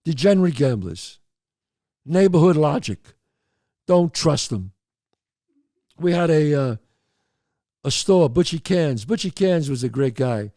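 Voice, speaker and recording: A studio-quality, echo-free recording of a show host whose voice runs on the high side. Unhurried and leaving long pauses, he animatedly tells neighborhood stories and offers advice, calling his listeners folks amid emphatic asides.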